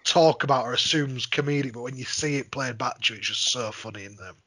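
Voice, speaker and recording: Jokey man, bright forceful voice. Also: mid-range voice, quick pace. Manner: relaxed, hesitant with fillers and restarts, jokey. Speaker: podcast co-host. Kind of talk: casual chat.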